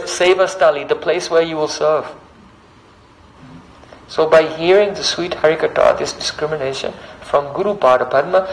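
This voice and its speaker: A man's voice: a little high, slight background noise, poor audio. A man giving a devotional sermon, telling a sacred story, reciting verses and often checking in with listeners with a questioning "hmm?". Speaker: speaker giving a devotional discourse.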